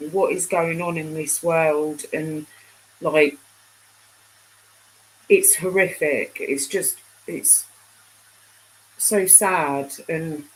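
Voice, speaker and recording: Slow, rambling woman on a livestream. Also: low-pitched, poor audio. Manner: chatty, rambling, trailing off mid-sentence. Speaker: livestream host. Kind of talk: casual live chat with viewers.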